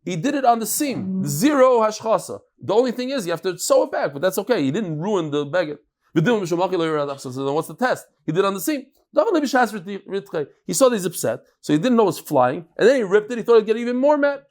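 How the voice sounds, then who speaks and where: Man, rabbi's Talmud lecture, very animated sing-song delivery, high voice, English mixed with Hebrew terms. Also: normal speed. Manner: animated, thinking out loud, acting out exchanges. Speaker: rabbi teaching a daily Talmud class.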